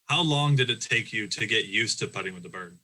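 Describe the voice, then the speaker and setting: Bright-voiced podcast host, easy laughs. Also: male voice, on the low side, a little fast, poor audio. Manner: relaxed, laughs easily, jokey. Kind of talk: casual podcast interview.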